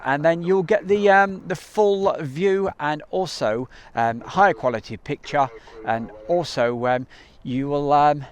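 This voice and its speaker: A man's voice: on the high side, smooth. A man hosting a casual live stream outdoors near an airbase, chatting in a rambling way with many ums and uhs, recorded on a camcorder mic.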